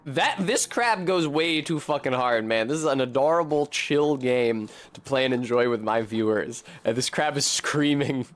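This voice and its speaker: A man's voice: medium pitch, moderate pace, few pauses. A man giving casual, wry commentary as he streams a video game, swearing freely and chatting with his viewers. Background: game music.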